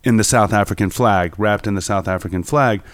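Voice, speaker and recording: A man's voice: on the low side, fairly quick, no echo. A man, a photographer guest, telling rambling anecdotes in casual conversation with many fillers. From New York. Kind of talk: casual storytelling interview.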